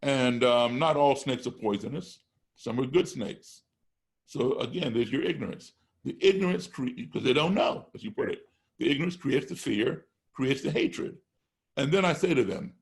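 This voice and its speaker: An animated, gravelly mid-range voice at normal speed belongs to a middle-aged American man guesting on a podcast. He tells his story emphatically, building each point in turn and acting out classroom conversations.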